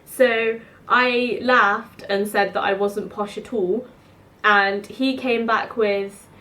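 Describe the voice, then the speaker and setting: A woman's voice: mid-range voice, steady tone, slow pace, sharp tone. A woman, telling rambling stories to camera in a chatty way, full of "like". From South East London. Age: 20s. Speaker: student vlogger. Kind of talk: casual storytelling to camera.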